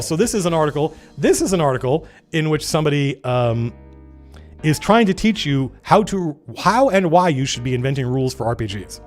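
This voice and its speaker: A man hosting a casual livestream, reading old game zines aloud and breaking off into rambling, animated comments. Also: medium pitch. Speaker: livestream host.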